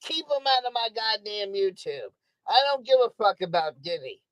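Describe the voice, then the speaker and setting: A woman's voice: medium pitch, very animated, moderate pace, no echo, poor audio. A woman streamer on a profane, angry monologue who hammers on the same words again and again. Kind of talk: ranting monologue. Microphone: streaming microphone.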